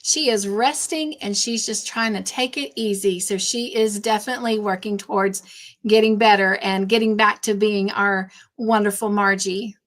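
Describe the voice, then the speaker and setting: A woman hosting a casual live stream, warmly greeting chat viewers by name and chatting between tasks. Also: medium pitch, fairly even intonation, normal speed. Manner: warm, effusive greetings to chat viewers, easily sidetracked. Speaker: livestream host.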